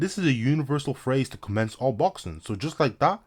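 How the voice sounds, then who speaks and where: A man's voice: mid-range voice, big pitch swings, brisk. A young man giving a comedic anime recap, talking in heavy slang with hyped-up jokes and asides.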